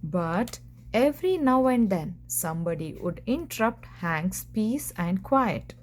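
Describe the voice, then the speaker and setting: A woman reads a children's picture book aloud at an unhurried pace. Her voice sits at an ordinary pitch, and she reads each line gently and deliberately. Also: expressive. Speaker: children's story reader. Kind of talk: storybook read-aloud for kids.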